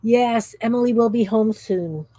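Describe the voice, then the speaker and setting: A woman's voice: a little high, measured pace, warm tone, no echo. A woman in her fifties hosting a craft livestream, chatting casually in a rambling, easily sidetracked way. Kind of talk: casual chat while crafting.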